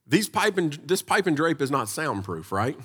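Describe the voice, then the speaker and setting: A man's voice: on the high side, moderate pace, husky. A man, a pastor, telling a church story in a loose, conversational sermon style. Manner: conversational, animated storytelling with restarts.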